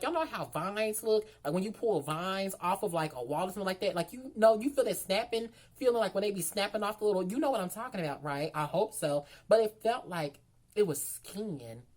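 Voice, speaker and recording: A woman's voice: low-pitched, a little mellow, breathy edge. A woman, chatting frankly through a storytime. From Memphis, Tennessee. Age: 20s. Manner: chatty, frank, heavy fillers. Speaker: vlogger. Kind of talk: storytime chat.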